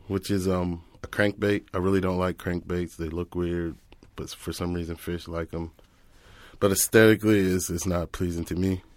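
A man telling an animated, laugh-filled story as an interview guest, with frequent restarts. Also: deep voice, dry recording. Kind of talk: casual storytelling.

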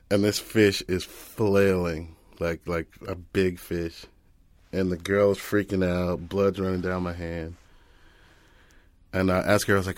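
A man telling an animated, laugh-filled story as an interview guest, with frequent restarts. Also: low voice, measured pace, no echo. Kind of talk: casual storytelling.

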